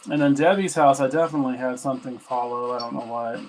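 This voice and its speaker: A man's voice: medium pitch, quick pace, rough recording. A man at home running a ghost box session, who chats casually, asks spirits questions aloud and teases them about their answers. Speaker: paranormal investigator hosting a ghost box session. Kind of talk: casual spoken commentary while questioning spirits. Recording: steady static hiss from a ghost box.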